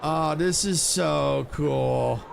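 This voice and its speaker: A man giving casual, excitable commentary while playing a video game, exclaiming and laughing often. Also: fairly high pitch, drawn-out words, creaky, background noise. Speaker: gaming streamer.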